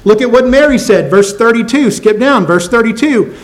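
A man's voice: very high-pitched, animated, normal speed, poor audio. A man preaching a sermon as pastor, earnest, repeating phrases and asking the congregation questions.

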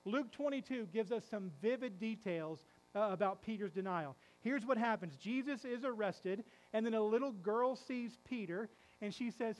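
A middle-aged male pastor preaching a sermon, telling a story dramatically, quizzing the congregation and dropping to a hush for emphasis. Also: sits high, animated, normal speed, rough recording. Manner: dramatic storytelling, asks the congregation questions, swings from loud to hushed.

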